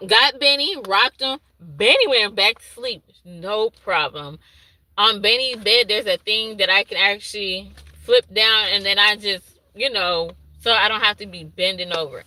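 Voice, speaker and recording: A woman who works as an infant daycare teacher, casually telling a story to the camera, animated and laughing, acting out what she said to the babies. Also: on the high side, moderate pace, no room sound, poor audio. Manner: animated, laughing, acts out her own asides in dialect.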